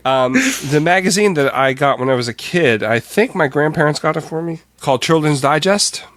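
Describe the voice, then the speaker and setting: In a dry recording, a man with a brisk, somewhat bright voice on the high side co-hosts a podcast. His casual chat is hesitant and filler-heavy, punctuated by easy laughter.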